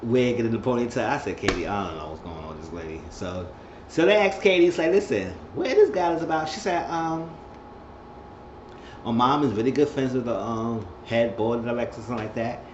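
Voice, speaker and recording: A man casually recapping a reality show, chatty and laughing often, acting out cast members in high squeals. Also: expressive, a little fast. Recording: roomy, dull lo-fi sound with faint noise.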